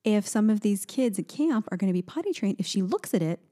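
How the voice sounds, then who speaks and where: A woman's voice: medium pitch, fairly quick. A woman in her thirties, a podcast co-host and mother, chatting casually and acting out little quotes as she tells stories. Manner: chatty, animated storytelling with voiced quotes. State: sleepy. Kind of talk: casual chat.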